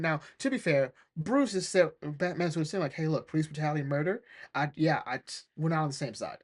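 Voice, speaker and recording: Animated man recapping comics, fairly high voice. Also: fast. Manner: animated, laughs often, acts out characters' lines. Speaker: comic book reviewer.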